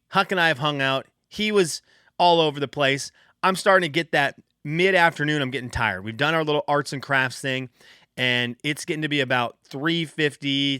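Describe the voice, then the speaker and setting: On his casual solo podcast, a man with a clean, mid-range voice animatedly tells stories and voices his kids' quotes. It's studio quality with no room sound.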